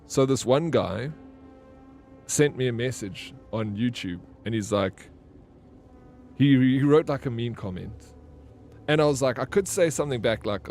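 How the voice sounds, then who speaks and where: A man's voice: mid-range voice, moderate pace, darkish tone, soft background music. A man streaming a video game live, chatting casually with viewers and telling rambling stories full of fillers and restarts. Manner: reads out and answers chat messages. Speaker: livestreamer. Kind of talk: casual live gameplay chat.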